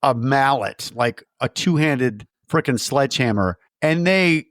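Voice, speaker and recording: A man's voice: mid-range voice, animated, measured pace, fairly bright tone, no room sound, studio quality. A man co-hosting a casual movie podcast, animatedly acting out scenes and lines in voices. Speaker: podcast co-host. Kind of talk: casual movie review chat.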